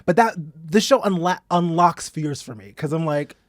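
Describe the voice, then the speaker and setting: A man talking as a podcast guest, animated and storytelling, acting out what he said. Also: a little high, moderate pace, no room sound, studio quality. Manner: animated storyteller, acts out quotes. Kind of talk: casual chat.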